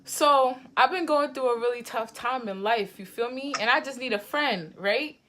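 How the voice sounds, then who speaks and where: A woman's voice: a little high, moderate pace. An eighteen-year-old woman from Boston with a Boston accent, playfully teasing strangers over a phone video chat. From Boston, USA. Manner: playful, teasing, deadpan setups. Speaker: vlogger chatting with strangers. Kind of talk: casual video-chat prank. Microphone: phone on a video-chat app.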